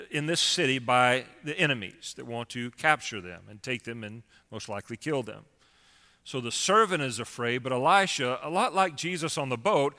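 A male pastor delivers a sermon in a relaxed, conversational way, mixing scripture with casual asides. His voice is bright and forward. The sound carries a long reverb, as if in a large church sanctuary. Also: medium pitch. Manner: conversational, animated preaching with asides.

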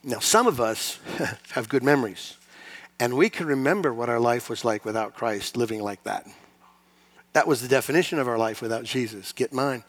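A middle-aged man preaching a sermon in a church, conversational and self-deprecating, swinging between loud emphatic peaks and quiet asides. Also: medium pitch, normal speed. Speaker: pastor. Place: church sanctuary.

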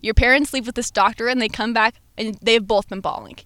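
A woman in her twenties, chatting as a podcast guest and telling her story in a lively, slangy way with frequent laughter. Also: a little high, brisk, no echo. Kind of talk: casual chat.

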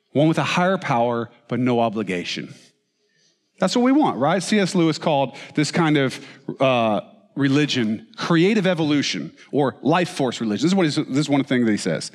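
A man's voice: mid-range voice, big pitch swings, moderate pace, big-room sound. A man preaching a sermon who reads long quotations aloud and keeps asking rhetorical questions, often tagging them with "right?". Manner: asks rhetorical questions, tags lines with "right?". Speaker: pastor. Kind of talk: sermon with apologetics.

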